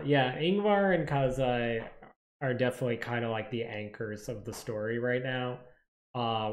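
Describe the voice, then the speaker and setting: A man's voice: medium pitch, reverberant. A man hosting a casual stream chat, thinking aloud with lots of fillers. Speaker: series creator and stream host.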